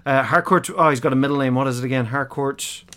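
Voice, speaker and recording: A man's voice: mid-range voice, fast, a bit bright. A man co-hosting a podcast, casually recapping an episode, chatty and hesitant with many fillers. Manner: chatty and hesitant, lots of fillers, laughs as he talks. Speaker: podcast co-host watching a classic series for the first time.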